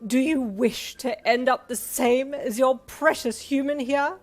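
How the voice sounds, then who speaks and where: A woman voicing a malicious female fox witch who speaks slowly with cruel, mocking menace in a storybook tale. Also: high voice, faint music behind, pitched above the performer's own voice. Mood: gloating, menacing. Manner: slow, mocking, cackling menace.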